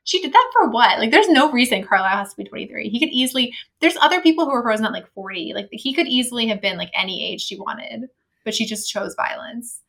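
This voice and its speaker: Bright, incredulous woman podcast co-host. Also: a little high, animated, fast talker, gravelly. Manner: incredulous, laughing, filler-heavy. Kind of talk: casual chat.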